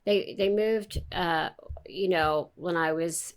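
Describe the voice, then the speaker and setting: A woman's voice: fairly low pitch, slow, clear, resonant tone. An older woman from Queens with a New York accent, chatting as a guest in a casual interview, rambling with lots of fillers and restarts. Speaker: guest voice actress.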